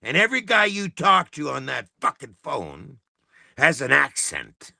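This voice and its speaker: Gravelly, heated Canadian man ranting. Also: on the high side, huge pitch swings, a little slow, bright, forceful tone, dry recording, studio quality. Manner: profane, heated, emphatic. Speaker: livestream host. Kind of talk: angry ranting monologue.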